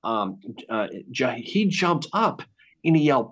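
A man hosting a podcast, telling a Civil War battle story in a casual, animated way. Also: medium pitch, measured pace. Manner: animated, acts out quotes. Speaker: podcast host.

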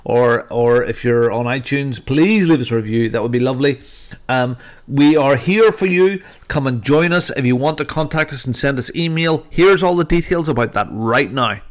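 A man's voice: mid-range voice, moderate pace. Man, podcast host, mid-range voice, casual rambling chat, jokey. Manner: rambling and jokey, lots of fillers.

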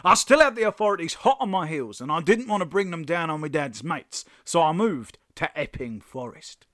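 A man playing a cocky highwayman. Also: lively intonation, moderate pace, fairly bright tone, no echo, clean studio sound. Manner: boastful, cheeky. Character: cocky roguish male highwayman.

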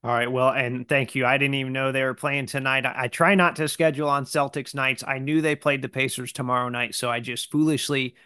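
A man hosting a podcast, talking in a relaxed, conversational way with frequent fillers. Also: mid-range voice, fairly quick, few pauses, clean tone, dry recording, clean studio sound. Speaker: podcast host. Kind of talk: casual podcast chat.

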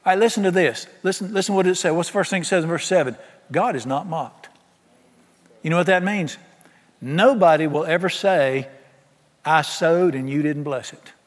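A man preaches with a high, lively voice and a homespun, animated delivery. He slips into quick acted-out voices to make his points. The sound carries a long reverb, as in a large church hall. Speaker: pastor. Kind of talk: sermon.

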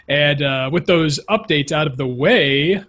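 A man's voice: fairly high pitch, fairly bright tone. A man hosting a podcast in a casual, jokey way, moving the show along between segments. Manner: jokey, laughs between lines. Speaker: podcast host. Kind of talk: casual chat.

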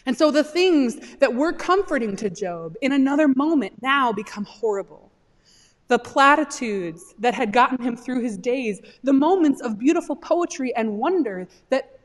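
A woman pastor giving a sermon, talking in an animated way and rising into impassioned pleas when she voices a suffering man. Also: fairly high pitch. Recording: long hall reverb.

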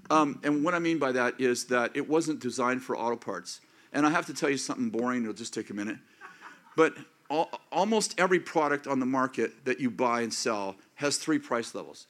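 A man of fifty or older preaching a sermon as pastor, acting out prayers and inner thoughts in an animated way. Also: mid-range voice. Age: 50s or older.

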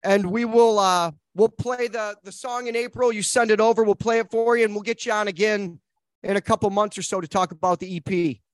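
High-voiced, excitable, swearing man host. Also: brisk, no room sound. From United States. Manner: excitable, profane, laughs often. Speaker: podcast host. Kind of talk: casual chat.

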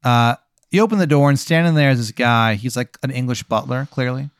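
A young man lazily spinning an absurd improvised scenario, leaning on long pauses and "uh"s. His voice is smooth and resonant. The recording is close and dry. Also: medium pitch, no echo. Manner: laid-back, drawn-out with many "uh" pauses. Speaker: comedy podcast host. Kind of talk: improvised storytelling.

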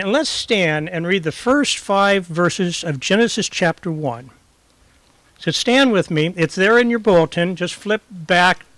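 A man's voice: fairly high pitch, a bit bright, no room sound. Man preaching an outdoor sermon, dry sound. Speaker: guest preacher. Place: outdoors in a backyard.

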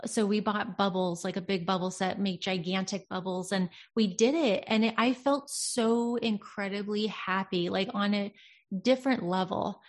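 A woman's voice: mid-range voice, moderate pace. A woman in her thirties talking in an earnest, flowing, reflective way in a casual conversation.

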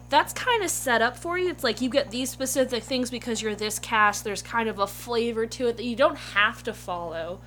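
A woman in casual chat about a tabletop game she plays, talking in quick restarts. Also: fairly high pitch, fairly bright tone, a little hiss or hum. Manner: chatty, self-correcting restarts. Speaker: player.

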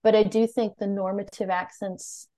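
A woman with a General American accent, speaking as an interview guest who researches media. She talks in an animated, outspoken way, thinking aloud and restarting her sentences. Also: medium pitch, normal speed. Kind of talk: conversational interview.

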